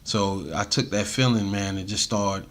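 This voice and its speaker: A man with a deep voice, a music artist telling stories in a casual interview, laid-back and full of slang and fillers. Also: fairly even intonation, moderate pace, a bit bright. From USA. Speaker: interview guest, reggae and hip-hop artist.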